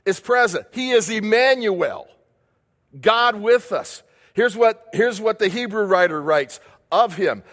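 A man with a high voice preaches a sermon, leaning on repetition and rhetorical questions. His voice carries a long reverb, as if in a large hall. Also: unhurried, fairly bright tone. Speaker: pastor.

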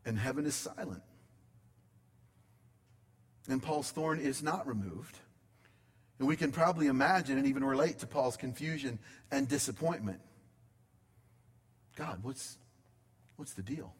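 A pastor preaching a sermon in a conversational style, with dramatic pauses. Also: male voice, mid-range voice, big-room sound.

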